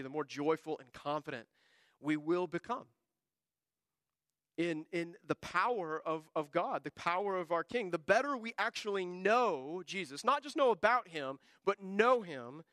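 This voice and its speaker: A man preaching a sermon, swinging between hushed lines and emphatic bursts. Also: high voice, no echo. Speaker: pastor.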